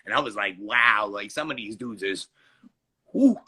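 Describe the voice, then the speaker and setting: Raspy, bright-voiced rapper man. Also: lowish voice, normal speed. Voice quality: raspy, gravelly voice. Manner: loud, excitable, profane storytelling with laughs. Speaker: rapper guest. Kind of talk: casual interview chat.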